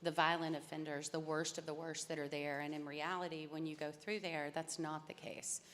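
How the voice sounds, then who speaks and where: A woman lawyer speaking on a panel in a measured, explanatory way. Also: low-pitched, little pitch movement, slight background noise. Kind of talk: panel discussion. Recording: reverberant conference hall.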